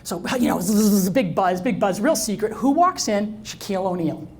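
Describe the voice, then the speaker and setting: Middle-aged woman telling a lively story. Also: medium pitch, moderate pace. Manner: lively storyteller who acts out dialogue and quizzes the audience. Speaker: speaker. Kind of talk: live talk to an audience.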